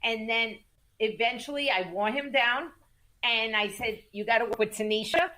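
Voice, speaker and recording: A woman guest in a casual interview, telling music business stories in an animated, emphatic way, repeating words for stress and cursing casually. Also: fairly high pitch, moderate pace. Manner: acts out quoted voices in lively storytelling. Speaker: music manager and entertainment attorney, guest.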